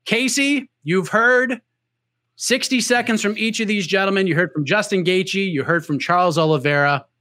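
A man hosting a game-show style podcast, energetic and announcer-like. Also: high voice, moderate pace. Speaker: host.

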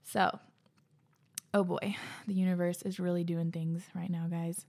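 Young woman podcast host, out of breath, bubbly slangy chat, slips into soft near-whispers. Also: on the low side, little pitch movement, measured pace. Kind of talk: casual chat and reading listener letters.

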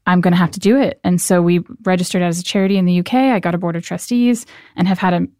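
A woman in her thirties with a smooth, resonant voice speaks as an interview guest. She explains things earnestly in a conversational way. Her voice sounds close and dry, with little room sound. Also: fairly low pitch, steady tone, quick pace, mellow, no echo. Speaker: guest, nonprofit founder.

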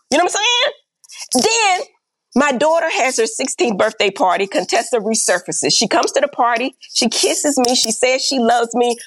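A woman's voice: high voice, moderate pace. A middle-aged woman telling stories bluntly in an interview, acting out the dialogue and often asking "right?". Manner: blunt and animated, acts out quoted dialogue, peppers talk with "right?". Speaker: reality TV star and podcast guest. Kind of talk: candid interview storytelling.

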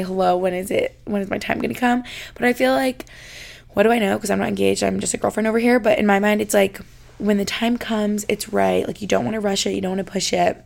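Listener confessions fuel this young woman's relaxed podcast, where she laughs through the readings and says "like" constantly. She has a gravelly, medium-pitched voice.

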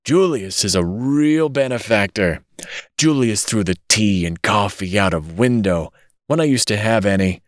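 A man's voice: lowish voice, lively intonation, unhurried, no echo, studio quality. A man voicing a drunken ranting man in rags, roaring in a wild, slurred way.

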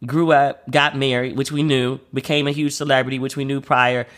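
A man's voice: mid-range voice, flat delivery, moderate pace, a bit bright. A man hosting a casual solo podcast, chatty and slangy, who often acts out the voices of people he quotes. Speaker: podcast host.

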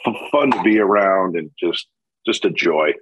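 A man in his sixties, a former pitcher turned broadcaster, telling lively stories in a casual interview and acting out the quotes. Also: normal speed, muffled recording, crowd noise. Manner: animated storyteller acting out quotes, laughs often.

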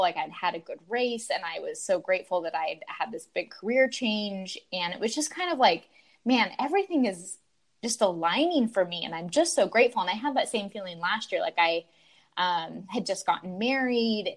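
A woman from Utah, a podcast guest, telling a race story in a lively, grateful way with lots of "like" fillers. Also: mid-range voice, moderate pace. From Utah, USA. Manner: animated, grateful, full of "like" and "um" fillers. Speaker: podcast guest, marathon runner. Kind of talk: conversational interview storytelling.

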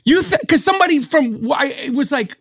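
A man's voice: very high voice, a little fast, no echo, studio quality. A man co-hosting a casual talk show, arguing heatedly, swearing and restarting his sentences. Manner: animated, profane, repeats and restarts.

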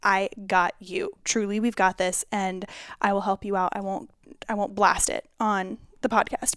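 A young adult woman hosting her own podcast, chatting casually and ranting with exasperated, animated tangents. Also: mid-range voice, moderate pace, clean tone, no room sound, clean studio sound. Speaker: podcast host. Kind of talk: casual solo podcast chat.

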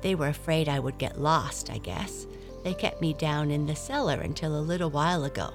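A woman's voice: low-pitched, a little fast. A woman voicing a worldly young male cat in a storybook, speaking in a knowing, slightly proud way. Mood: friendly. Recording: clear music behind voice.

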